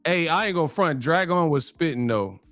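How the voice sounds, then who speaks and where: A man's voice: fairly high pitch, lively intonation, a little fast, a bit bright, dry recording, soft background music. A man from New Mexico hosting a live stream, bantering in slang, laughing often and reading donations. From New Mexico, USA.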